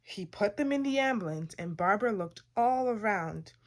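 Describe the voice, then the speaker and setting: A woman reading a children's picture book aloud, expressive and playful, acting out sound effects. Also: mid-range voice, normal speed. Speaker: storytime reader.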